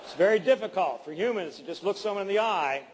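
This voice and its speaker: A man's voice: high-pitched, fast, background noise. A middle-aged man teaching presentation skills in a live seminar, playfully acting out examples for his audience. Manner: animated, playful, acts out examples.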